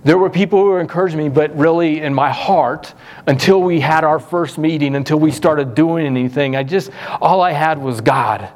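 A middle-aged pastor preaching a sermon, animated, his voice jumping up when he acts out questions to God. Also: moderate pace. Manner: animated, voice jumps high when acting out questions.

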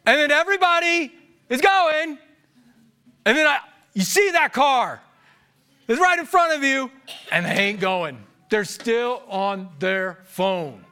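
A man preaching a sermon as pastor to his congregation, telling animated stories that swing from hushed asides to shouts, and laughing at his own stories. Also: sits high, clear, resonant tone. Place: church service before a congregation.

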